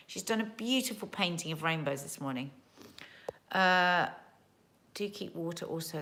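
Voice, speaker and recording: A woman's voice: fairly low pitch, fairly bright tone. A woman hosting a casual livestream from home, reading viewer comments aloud in a chatty, earnest and emotional way.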